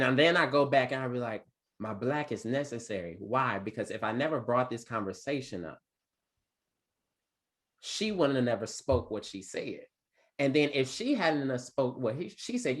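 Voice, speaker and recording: A man teacher telling a class a story in an animated, preacher-like cadence with big vocal swings. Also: mid-range voice.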